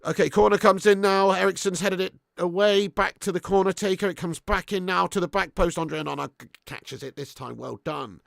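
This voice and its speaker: A man's voice: sits high, fairly quick, gravelly, dry recording, studio quality. A young man hosting a live football watch-along, commenting on the match, reading out viewers' messages and swearing freely. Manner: excitable, swears, reads viewer messages aloud.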